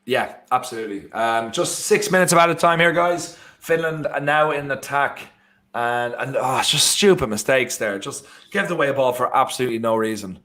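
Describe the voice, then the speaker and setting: An Irish man co-hosting a live football watchalong, joking and reacting excitedly to the match. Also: medium pitch, normal speed. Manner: excitable, jokey, bursts into shouting and laughter. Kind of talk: casual live match chat.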